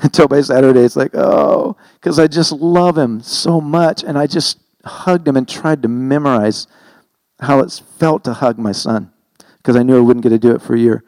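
A man's voice: mid-range voice, normal speed, a little mellow, dry recording, poor audio. A middle-aged man preaching a sermon in an earnest, conversational way, heavy-hearted and emotional, stumbling and correcting himself as he goes. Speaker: pastor.

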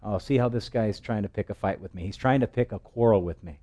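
A male pastor preaching an expository sermon, telling the scripture story in a lively way and acting out its voices. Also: fairly low pitch, quick pace.

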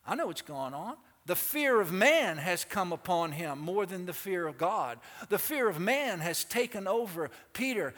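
A man preaching a sermon as pastor, telling the story in an animated way and asking the congregation questions. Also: high-pitched, in a large hall. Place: church sanctuary.

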